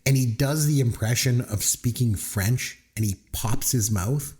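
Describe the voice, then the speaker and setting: A man's voice: medium pitch, a little slow, dark tone. A middle-aged man from Canada, co-hosting a podcast and telling a funny story about his kids in casual chat, laughing often. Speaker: podcast co-host.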